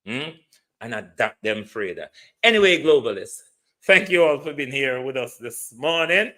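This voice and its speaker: A man's voice: mid-range voice, expressive, moderate pace, pushed and bright. A man with a Jamaican accent hosting an online show, ranting in a blunt, mocking way and tagging his points with a questioning "hmm?". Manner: mocking, blunt, with frequent rhetorical "hmm?" tags. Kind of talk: political commentary rant.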